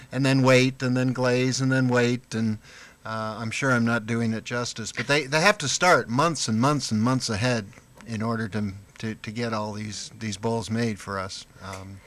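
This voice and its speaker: Man, radio guest, bright tense voice, halting, repeats words. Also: mid-range voice, no echo. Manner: halting, many restarts and fillers. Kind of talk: casual interview talk.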